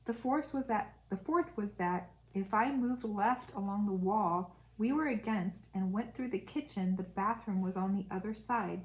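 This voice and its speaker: A woman's voice: mid-range voice, a little slow, few pauses, a little mellow, low-quality recording. A woman reading a novel aloud, stopping now and then for brief casual asides. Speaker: audiobook reader.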